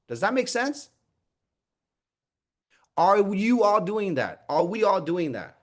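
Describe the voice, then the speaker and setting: A man's voice: sits high, slow. A man leading a sales training on a video call, asking his team rhetorical questions and acting out sample conversations. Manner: animated, asks many rhetorical questions, acts out sample conversations. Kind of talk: coaching on a group call, calling on people by name.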